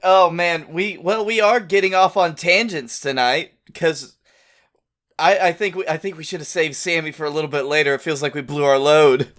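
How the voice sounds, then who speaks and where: A man's voice: a little high, steady tone, moderate pace, a bit bright. A man hosting a podcast in casual chat, easygoing and profane, steering the talk back on track.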